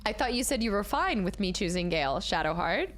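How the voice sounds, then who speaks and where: A woman's voice: medium pitch, very animated, brisk. Chatty woman streamer, late twenties. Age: late 20s. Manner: chatty, reacts to chat, laughs often. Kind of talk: casual gaming livestream chat.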